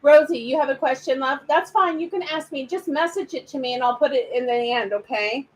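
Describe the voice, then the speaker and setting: Here a woman speaks briskly in a high register over a rough recording. Streaming a card reading live, she gives spiritual readings while chatting fondly with viewers, using pet names as she talks straight to them.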